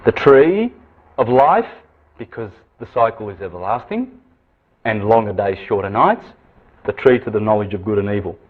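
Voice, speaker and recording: A man's voice: on the low side, animated, normal speed. Man, lecturer, rhetorical questions, repeats himself, tinny phone-like sound. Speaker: esoteric lecturer. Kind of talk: lecture with visual aids.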